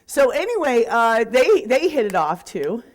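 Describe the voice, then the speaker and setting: A woman's voice: on the high side, sing-song, measured pace. A woman who speaks as a real estate speaker, telling a story in a chatty, rambling way, correcting herself and filling gaps with little words. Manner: chatty, rambling, self-correcting with many fillers. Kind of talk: casual storytelling.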